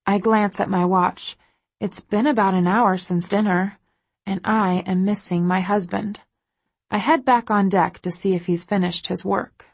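A woman's voice: mid-range voice, fairly even intonation, a little slow, slightly rough, dry recording. A woman narrating a first-person audiobook in an intimate, emotive way.

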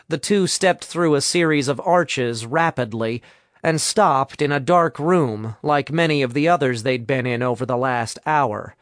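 A man narrating an audiobook in a measured storytelling manner, recorded in a studio booth. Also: mid-range voice, no echo.

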